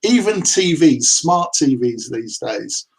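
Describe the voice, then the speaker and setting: A man's voice: fairly high pitch, very animated, slow pace, a crowd in the background. A man hosting a casual livestream chat in an easygoing, reflective way. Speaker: host.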